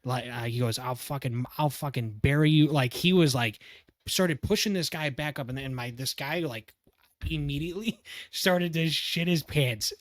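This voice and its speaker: Animated young man telling a story. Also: on the high side, moderate pace, no room sound, clean studio sound. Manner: animated, swears a lot, laughs through the story. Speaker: podcast co-host. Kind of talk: casual storytelling chat.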